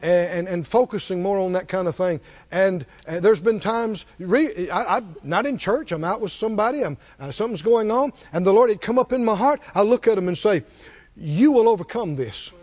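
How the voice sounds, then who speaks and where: A man's voice: high-pitched, brisk, few pauses, darkish tone. A man preaching a sermon to a congregation, emphatic and full of rhetorical questions. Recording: dull lo-fi sermon recording.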